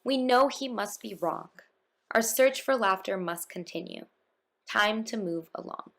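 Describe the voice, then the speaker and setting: A woman's voice: mid-range voice, lively intonation, measured pace, creaky. A woman voicing the jester's loyal, eager companion in a storybook reading.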